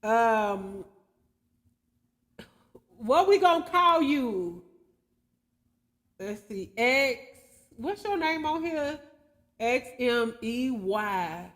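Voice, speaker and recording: A woman's voice: a little high, animated, extremely slow, long pauses, a bit bright. A woman hosting a casual livestream, chatting loosely with viewers in slangy talk, chuckling often and spelling out their names letter by letter. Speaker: livestream host.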